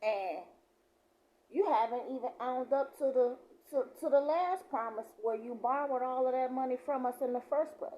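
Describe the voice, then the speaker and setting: A woman reading scripture slowly and with emphasis, then adding loose, conversational commentary. She often clears her throat. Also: sits high, warm tone, rough recording. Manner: reads verses slowly and emphatically, then talks in loose asides. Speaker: prophetess.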